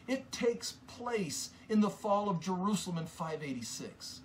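A man teaching from the Bible in an earnest, impassioned sermon, often halting and restarting mid-sentence. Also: high-pitched, slight background noise.

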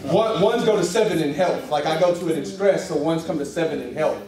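High-voiced guy teaching a class, lively, acts out voices, roomy echo, far from mic. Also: a little fast. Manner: animated, acts out quoted voices, laughs often. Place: church classroom. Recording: echoey room, distant mic, faint hiss.

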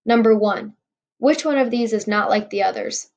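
Woman reader doing a booming, patronizing male doctor; loud and slow, pitched up. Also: close to an everyday voice.

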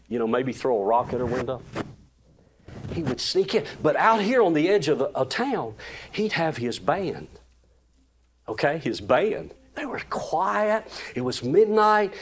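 A male pastor preaching a sermon in a folksy, animated way, full of exclamations, sometimes dropping to a hushed voice for a story. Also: a little high, measured pace, slight background noise.

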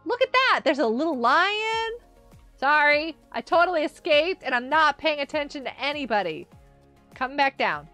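A gaming livestreamer with a high, bright voice chats excitedly as she plays live, her pitch swinging widely as she gasps and laughs often, yet she also sounds sleepy and yawns. Faint game music plays behind her moderate-paced talk, and the recording is dry.

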